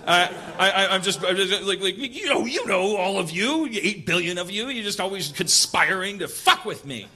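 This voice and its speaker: A man hosting a comedy podcast, telling stories in an animated, profane ranting way. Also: high voice, normal speed, few pauses, husky. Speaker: podcast host. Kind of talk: casual comedic storytelling.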